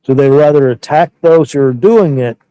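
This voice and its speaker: A man co-hosting a casual stream chat, talking in a calm, agreeing, laid-back way. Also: a little high, normal speed, smooth, dry recording, dull audio.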